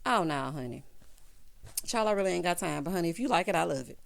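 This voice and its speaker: Female recap host, sassy, lively pitch, chatty. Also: fast, creaky. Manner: sassy, animated, calls listeners honey and child. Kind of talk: casual recap commentary.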